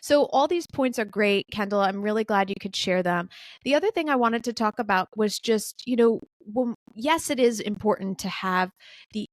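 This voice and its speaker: A woman hosts a podcast interview in an easy, conversational way, speaking to her guest and now and then to the audience. Her voice sits at a medium pitch and sounds close and dry, with no room echo. She fills pauses with casual asides. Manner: talks straight to the audience, frequent fillers like "you know". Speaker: podcast host.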